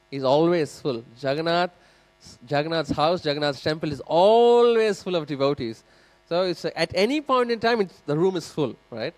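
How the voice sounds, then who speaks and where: A man giving a scripture class in a temple hall, telling a story animatedly and speaking directly to his audience. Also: fairly high pitch. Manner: animated, acts out the characters. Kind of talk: sermon storytelling.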